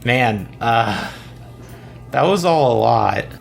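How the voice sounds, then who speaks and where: A man's voice: mid-range voice, lively intonation, slow pace, gravelly, soft background music. A man playing a tabletop role-play game, easygoing and matter-of-fact. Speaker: player.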